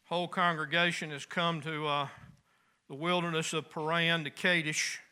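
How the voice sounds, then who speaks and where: Bright, clear-voiced preaching man. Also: fairly high pitch, little pitch movement, normal speed. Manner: folksy, conversational preaching with homespun asides. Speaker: pastor. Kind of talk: sermon.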